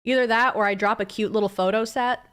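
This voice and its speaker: A woman's voice: mid-range voice, steady tone, fast talker, fairly bright tone, clear, resonant tone. A young adult woman livestreaming, rambling casually to her chat with many fillers and curse words.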